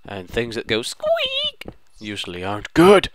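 A man's voice: mid-range voice, huge pitch swings, unhurried, fairly bright tone, slight background noise. A young man giving playful, rambling let's-play commentary, often mocking himself. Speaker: gaming video host.

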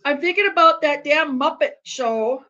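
A woman's voice: high voice, animated, moderate pace, sharp tone. A woman hosting a live stream, chatting casually and rambling, laughing often and swearing freely. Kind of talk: casual chat while watching a game. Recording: dull lo-fi sound.

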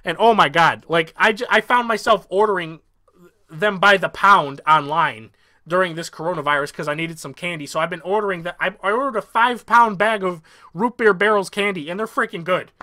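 A young man hosting a comedic ranking vlog, ranting with mock outrage and swinging from mumbled asides to loud excited bursts. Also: high-pitched, brisk. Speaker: YouTuber.

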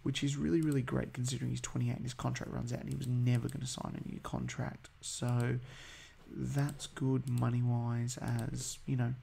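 A man's voice: medium pitch, little pitch movement, moderate pace, creaky, mellow, a little hiss or hum. A man giving casual, hesitant commentary over a football management game, full of ums and uhs. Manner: chatty, hesitant, many ums. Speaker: gaming video host.

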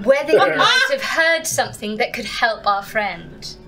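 A woman playing a sardonic but gentle female half-elf cleric in improvised tabletop role-play, speaking in a dry, coaxing, polite way. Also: fairly high pitch, sing-song, unhurried, low-quality recording. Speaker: player character. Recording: loud music behind the voice.

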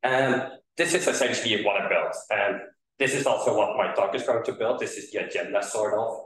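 A hoarse man giving a casual technical conference talk, with lots of fillers and a self-deprecating manner. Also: fairly low pitch, fairly quick, fairly bright tone. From Netherlands. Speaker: conference speaker. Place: conference room. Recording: echoey hall, mic far off.

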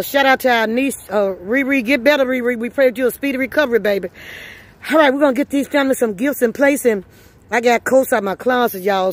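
A woman with a Southern US accent hosting an outdoor holiday giveaway in the freezing cold, upbeat and preachy, laughing often. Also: a little high. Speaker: host handing out holiday food. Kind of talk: casual charity vlog.

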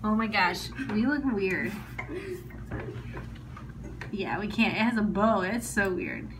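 Speaking slowly at medium pitch, a woman co-hosting a family toy review channel unboxes toys in a casual chat, rambling as she thinks aloud. Background noise is audible.

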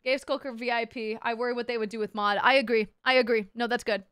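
A woman's voice: a little high, fairly even intonation, quick pace, fairly bright tone, clear, resonant tone, no room sound, studio quality. A woman streaming live, chatting casually with her viewers, thanking them by name and bantering in a bubbly, teasing, crude way. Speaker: VTuber streamer.

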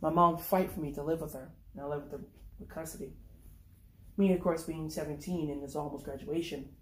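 A woman reading her own dark short story aloud in the first person, in a brooding, conversational way. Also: low voice, steady tone, fairly quick, a little hiss or hum. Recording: echoey room.

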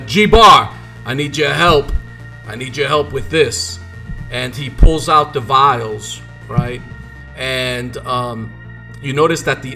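A man's voice: medium pitch, bright, forceful tone. A man narrating a tabletop game as game master, in a loose, rambling way with many fillers.

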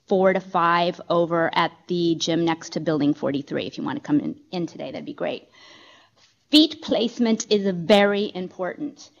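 A woman's voice: lowish voice, muffled recording. A woman teaching yoga in a company talk room, giving upbeat step-by-step instructions into a handheld microphone.

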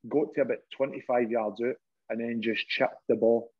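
A Scottish man, a former goalkeeper and podcast guest, telling lively stories in a casual chat, laughing often and swearing freely. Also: medium pitch, normal speed, lo-fi sound. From Scotland. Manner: laughs often, animated anecdote telling with lots of "right?" and swearing.

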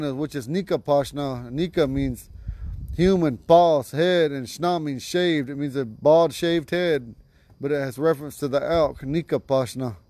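Man slowly teaching words, dry sound. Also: mid-range voice, a little mellow, no room sound. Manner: patient, repeats words slowly. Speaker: language teacher. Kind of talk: teaching vocabulary to a class. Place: outdoors at home.

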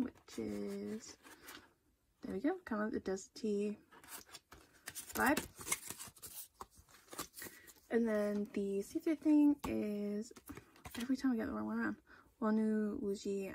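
A woman's voice: medium pitch, vocal fry, a little hiss or hum. A young woman chatting casually through an album unboxing, gushing, with small gasps between items.

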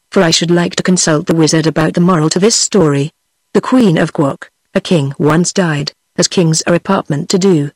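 A text-to-speech woman's voice with a British English accent, reading a fairy tale aloud in an even, measured way. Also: lowish voice, no room sound, poor audio. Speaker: audiobook narrator.

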